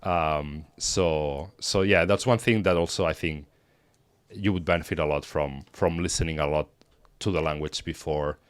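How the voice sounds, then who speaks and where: A man's voice: extremely low pitch, moderate pace, clear, resonant tone, no echo. A man from Spain, a native Spanish speaker, talking thoughtfully in an interview as a guest, often repeating words as he thinks. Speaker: guest, language teacher. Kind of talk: conversational interview.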